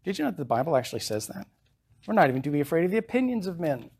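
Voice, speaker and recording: A man's voice: fairly high pitch, sing-song, very fast, creaky, darkish tone, slightly rough. Preaching man, emphatic scripture reading. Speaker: pastor. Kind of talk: sermon. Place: church.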